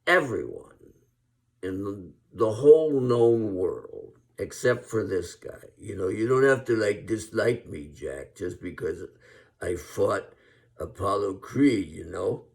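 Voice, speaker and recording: A man's voice: on the low side, animated, takes it slowly, creaky, a little mellow, full character voice. A man impersonating a tough-guy boxer with a slurred mumble. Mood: aggrieved.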